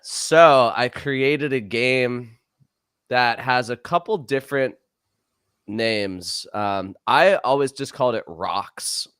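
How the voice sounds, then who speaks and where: A young man co-hosting a podcast, chatting casually in an energetic, playful way. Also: medium pitch, slow, clear, resonant tone. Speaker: podcast co-host.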